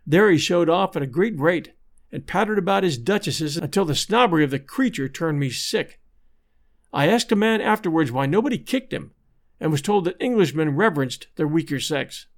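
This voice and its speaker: A man narrating a classic adventure novel in a measured, even storytelling manner. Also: a little high. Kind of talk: scripted audiobook narration.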